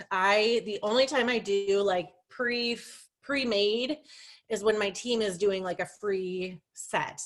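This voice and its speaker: Speaking at a medium pitch with a slightly bright quality, a young woman gives her sales team an informal video-call training. She's chatty and pokes fun at herself, stumbling through plenty of fillers and restarts.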